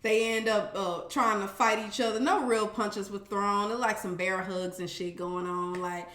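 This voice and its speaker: A woman casually recapping a reality show, animated and profane, with sassy commentary and acted-out quotes. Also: medium pitch, normal speed, reverberant.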